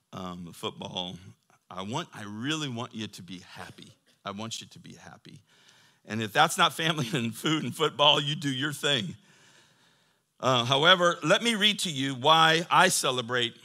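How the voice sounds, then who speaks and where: Bright-voiced joking male pastor. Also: mid-range voice. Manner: joking, conversational preaching with chuckles. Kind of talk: sermon.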